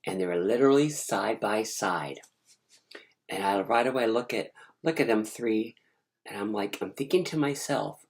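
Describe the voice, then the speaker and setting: A woman casually recounting a dream in an animated, rambling, digressive way. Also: very deep voice, moderate pace. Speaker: storyteller. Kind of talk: casual storytelling.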